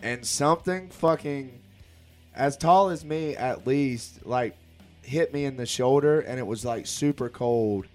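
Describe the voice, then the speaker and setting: A man's voice: medium pitch, unhurried, soft background music. A man casually telling a ghost story on a podcast, laid-back and joking, with plenty of swearing.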